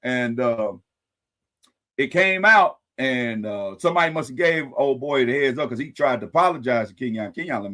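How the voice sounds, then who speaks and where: A man hosting a live-stream commentary show, talking casually to his viewers with animated delivery, folksy sayings and wry asides. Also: mid-range voice, moderate pace. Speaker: host.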